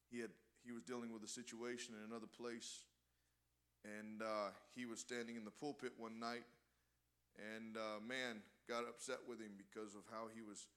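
A man with a mid-range voice preaches an impassioned sermon. He often swells louder on key words and restarts his phrases.

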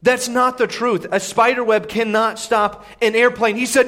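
A man, a pastor, preaching a sermon with emphatic delivery that swings between hushed and raised moments. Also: very high-pitched, steady tone, normal speed, hardly any pauses.

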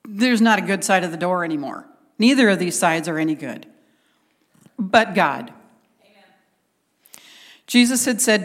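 A woman's voice: lowish voice, animated, a little slow, long pauses, big-room sound. A woman preaching a conversational sermon, retelling scripture and acting out the quotes with animation.

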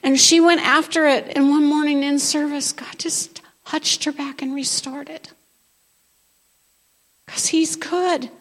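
A high-pitched woman preaching to her church, reading scripture and rising into bold declarations. Her delivery moves between quiet teaching and loud proclamation. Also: fairly even intonation, a little slow. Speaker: pastor. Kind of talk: sermon. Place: church sanctuary.

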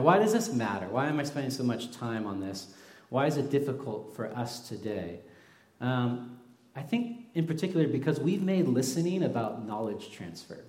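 A young male pastor gives a casual, animated sermon, slipping into little acted-out voices when he tells a story. His mid-pitched voice rings out in a roomy hall with a clear echo.

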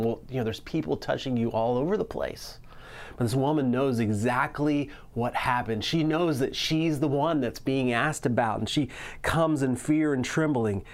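A man preaching a sermon in an earnest way, slowing down to stress key lines. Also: medium pitch. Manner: earnest preaching, slows down for emphasis. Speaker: pastor.

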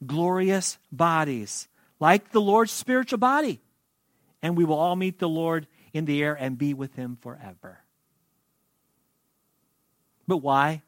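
A man delivers a sermon in a fairly high voice, swinging from forceful, raised emphasis to hushed, low asides. The recording is dry and close, with no room echo. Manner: dynamic preaching, swings between loud emphasis and soft asides. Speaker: pastor.

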